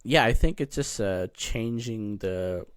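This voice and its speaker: A man co-hosting a casual political discussion podcast, halting and searching for words as he talks. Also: fairly low pitch, clear, resonant tone, no echo, studio quality. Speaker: podcast co-host.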